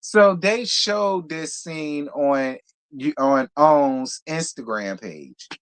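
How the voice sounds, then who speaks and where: A man hosting a casual reality TV recap, talking bluntly and profanely in an animated, opinionated way. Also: fairly high pitch, extremely slow, clean tone. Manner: animated, opinionated gossip talk. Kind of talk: casual review commentary.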